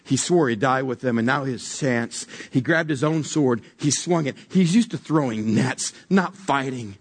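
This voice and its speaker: A man's voice: mid-range voice, unhurried, slightly rough. A man preaching a sermon as a retold story, wondering aloud and joking casually with the listeners. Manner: wondering, conversational with jokes.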